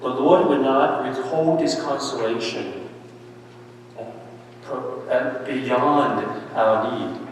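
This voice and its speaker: A man's voice: mid-range voice, takes it slowly, slight background noise. A man, a priest giving a parish mission, preaches in a conversational way, often checking in with his listeners with "right?" and "okay?", and rising sharply on the points he stresses. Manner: lively and emphatic, with sudden rises on key points. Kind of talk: conversational sermon. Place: church. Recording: echoey church hall, mic at a distance.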